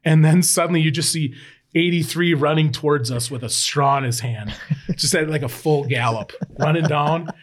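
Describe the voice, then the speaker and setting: A man's voice: on the high side, normal speed. Man telling a rambling story. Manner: rambling, animated, swears freely. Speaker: podcast guest, former college football player. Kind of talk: casual storytelling chat.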